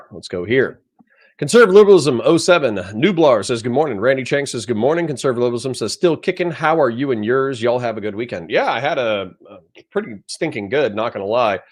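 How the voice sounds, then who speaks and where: A man hosting a casual livestream, chatting in a rambling, self-deprecating way while still sleepy and yawning. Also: fairly low pitch. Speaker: livestream host.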